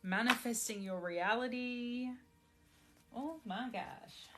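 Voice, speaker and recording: A pregnant woman giving a live-stream tarot reading, speaking in a slow, soothing, spiritual way. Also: on the high side, over music. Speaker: tarot reader.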